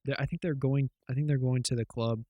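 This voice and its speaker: A man's voice: mid-range voice, fairly even intonation, brisk, dark tone, no echo. Rambling man in casual podcast chat. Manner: rambling, loose retelling full of fillers and swearing. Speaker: podcast co-host.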